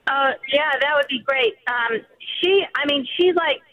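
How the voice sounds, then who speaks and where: A woman calls in to a radio show, speaking in a halting, hesitant way with many fillers. Her voice is high. She comes through a dull, muffled phone line. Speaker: caller. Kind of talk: call-in radio conversation.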